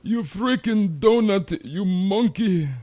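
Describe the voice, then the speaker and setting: A man doing an impression of a furious middle-aged British celebrity chef, with a put-on British accent, shouting slow insults. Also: high voice, pitched above the performer's own voice. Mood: yelling insults. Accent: British (imitated).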